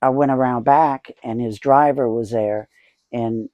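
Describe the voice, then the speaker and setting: Sixties guy hosting his collector vlog, rambling and chuckling, fillers everywhere, middle pitch. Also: steady tone, a little slow, dry recording, dull audio. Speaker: collector and channel host. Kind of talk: casual storytelling vlog.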